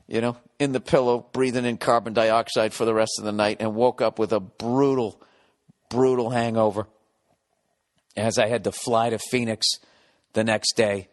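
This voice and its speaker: A man's voice: medium pitch, a bit bright, in a large hall. A man hosting a podcast, telling a comic story in a rambling, profanity-heavy monologue. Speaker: podcast host.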